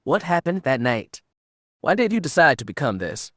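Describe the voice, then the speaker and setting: A man's voice: fairly high pitch, very animated, moderate pace, fairly bright tone, no room sound, studio quality. A man voicing an earnest, nervous young man who is the heroine's old friend, in an audiobook reading.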